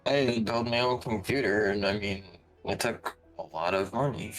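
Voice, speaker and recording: A man chatting casually on a game stream as a co-op friend, with quiet, low-key interjections. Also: moderate pace, poor audio. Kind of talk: casual chat.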